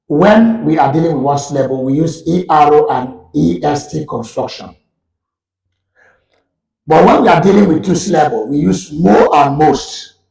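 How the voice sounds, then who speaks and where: A man with a Nigerian accent teaching English grammar in a slow, repeating lecture style. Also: fairly high pitch, gravelly, a little mellow, far from the mic. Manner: slow, repetitive explaining. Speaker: university lecturer. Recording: echoey room, voice off-mic.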